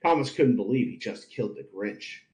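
A man's voice: medium pitch, lively intonation, a little fast, darkish tone, roomy sound, poor audio. A man hosting a podcast, narrating fan fiction with laughing, theatrical delivery at a live convention panel. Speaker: podcast host.

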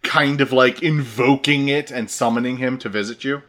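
Bright-voiced, profane man chatting. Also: mid-range voice, fairly even intonation. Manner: profane, quick to correct. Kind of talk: casual chat.

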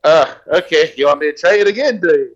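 A man's voice: on the high side, fairly quick. Wisecracking male co-host, lo-fi mic. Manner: wisecracking, crude asides. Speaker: podcast co-host. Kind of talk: casual comic banter. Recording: dull lo-fi microphone.

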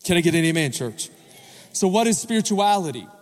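A man's voice: high-pitched, lively intonation, fairly quick. A male pastor preaching a sermon in a church, often asking the congregation questions and calling for their responses. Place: church sanctuary. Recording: long reverb of a large church hall.

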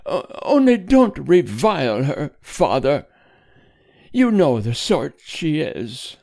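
A sobbing priest's wife, pleading in a timid, appealing way. Her voice climbs high above the reader's own, so she sounds thin and breathless. It is a storybook reading. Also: sing-song, slow pace, a little mellow, exaggerated voice. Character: tearful timid priest's wife, middle-aged woman.

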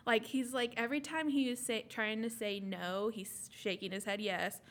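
Young woman, podcast co-host, bright voice, lively, acts out quotes, casual. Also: fairly high pitch, moderate pace. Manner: animated, laughing, acting out quotes. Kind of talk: casual chat.

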